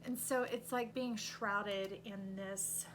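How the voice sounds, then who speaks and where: A woman reading tarot cards aloud in an animated, coaching way, with sudden loud bursts. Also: mid-range voice, slow pace, a little hiss or hum. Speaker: intuitive tarot reader.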